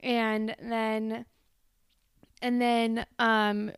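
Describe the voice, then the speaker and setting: A woman's voice: a little high, drawn-out words, clear, resonant tone, no echo, clean studio sound. A young woman co-hosting a podcast, recapping a TV episode in casual chat and acting out the characters' lines. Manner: animated retelling with quoted voices, frequent likes. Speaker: podcast co-host.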